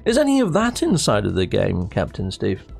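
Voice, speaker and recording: A man's voice: fairly low pitch, huge pitch swings, normal speed, vocal fry, faint music behind, pitched below the performer's own voice, heavily acted. A man voicing a skeptical interviewer who asks dry, doubtful questions. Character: skeptical male interviewer quizzing a gamer.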